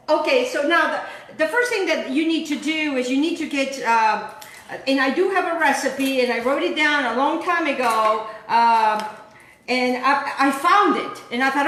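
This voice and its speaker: Woman, cooking host, high voice, chatty, rambling, repeats herself, roomy echoey kitchen. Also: moderate pace, a bit bright. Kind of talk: casual cooking demonstration.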